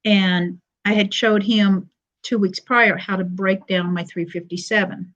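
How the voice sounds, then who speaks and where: Older woman, halting personal testimony with fillers; muffled lo-fi stream sound. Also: medium pitch, steady tone, a bit bright. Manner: halting, frequent pauses and fillers, retelling with quoted dialogue. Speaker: panel guest sharing her story.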